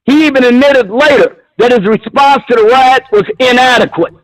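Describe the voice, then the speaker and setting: A man's voice: extremely high pitch, normal speed, a bit bright, rough recording. A man calling in to a talk show, arguing bluntly and combatively with frequent swearing. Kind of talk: heated call-in argument.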